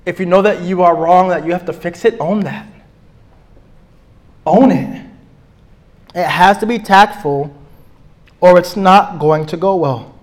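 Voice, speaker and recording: A man preaches to a class about relationships. He talks emphatically and leans hard on key lines, slowing down to repeat them. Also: high voice. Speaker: pastor teaching a relationship class. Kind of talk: sermon-style teaching.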